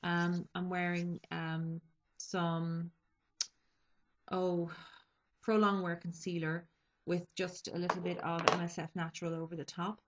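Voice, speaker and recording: A woman's voice: on the low side, flat delivery, unhurried, pauses often, a little hiss or hum, low-quality recording. A young woman vlogger talking casually about her makeup picks, hesitant and full of ums and restarts. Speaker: beauty vlogger. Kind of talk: casual makeup chat to camera.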